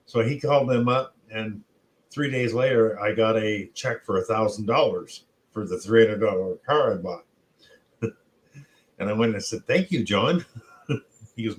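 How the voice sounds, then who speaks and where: Co-hosting a casual conversation, a middle-aged man with a lowish voice talks at normal speed, swapping anecdotes and acting out others' quotes like a chatty storyteller. The audio quality is poor.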